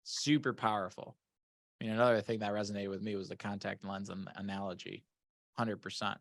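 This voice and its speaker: A man co-hosting a webinar, reading out chat comments in a relaxed, joking way. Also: on the low side, brisk, vocal fry, dry recording, studio quality. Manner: relaxed, reads out comments, jokes dryly. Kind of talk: casual webinar banter.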